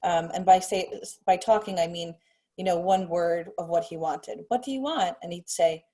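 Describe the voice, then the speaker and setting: A woman's voice: on the low side, flat delivery, normal speed, mellow. A mother chatting casually on a video call, telling anecdotes about her son. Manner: chatty anecdotal, acts out her child's words. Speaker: parent. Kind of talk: casual chat.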